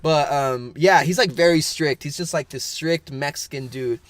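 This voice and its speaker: Man, podcast co-host, casual storytelling, slightly high voice, filler-heavy. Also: moderate pace. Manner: rambling, many fillers, breaks into laughter.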